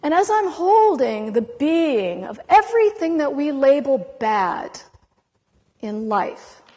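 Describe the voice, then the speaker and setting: A woman's voice: high voice, big pitch swings, dark tone. Emotional woman speaker in a reverberant hall. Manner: intense, dramatic, with long pauses between words. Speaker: spiritual speaker. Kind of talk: impassioned spiritual talk to a live audience.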